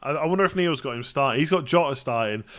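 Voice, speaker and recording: A man hosting a casual live-stream Q&A, chatty and self-correcting, often clearing his throat. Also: medium pitch, lively intonation, quick pace, a bit bright. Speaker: fantasy football streamer.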